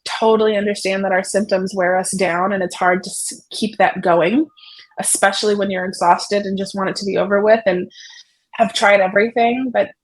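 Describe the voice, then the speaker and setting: A woman psychotherapist, a guest on the show, explaining an idea through a vivid, expressive story told in a conversational way. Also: mid-range voice, rough recording. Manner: vivid, expressive storyteller who paints scenes for the listener.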